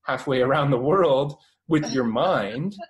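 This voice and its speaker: A man's voice: medium pitch, measured pace, rough recording. A man in his twenties with a Canadian accent, a guest in a casual radio interview, rambling and full of fillers and restarts. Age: 20s.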